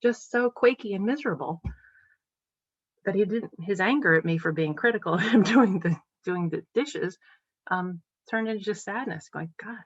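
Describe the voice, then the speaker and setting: A woman's voice: medium pitch, normal speed, slightly rough, no room sound. A woman in her forties from New England with a Boston-area accent, a podcast guest telling her recovery story with feeling and many ums. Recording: dry, dull lo-fi audio.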